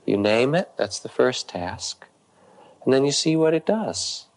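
A middle-aged meditation teacher calmly tells a story during a dharma talk, pausing gently and unhurriedly. His voice is mid-range.

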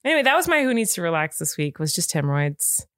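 A woman in her thirties co-hosts a podcast, giggling and rambling as she talks. Her pitch swoops widely through the conversation. The recording is dry and close, with no room sound. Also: sing-song, quick pace, a bit bright, dry recording. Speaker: podcast co-host. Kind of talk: casual chat.

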